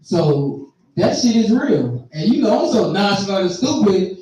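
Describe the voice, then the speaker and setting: Guy doing stand-up, high swoopy voice, laughing at his own jokes, super echoey room from far off, crowd noise. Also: measured pace. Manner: animated, profane, laughing through his own stories. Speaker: stand-up comedian. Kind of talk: stand-up comedy storytelling. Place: live comedy venue on stage. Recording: echoey venue, distant mic, crowd noise. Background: audience reacting.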